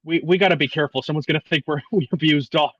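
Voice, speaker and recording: A man in his twenties, a podcast guest talking politics in a casual, profane, animated way with many restarts. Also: on the high side, quick pace, no room sound, dull audio. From United States. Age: 20s.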